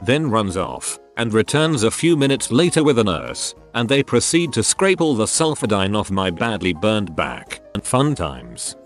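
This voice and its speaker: A man reading Reddit stories aloud in a deadpan, matter-of-fact way. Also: lowish voice, measured pace, hardly any pauses, soft background music. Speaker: narrator.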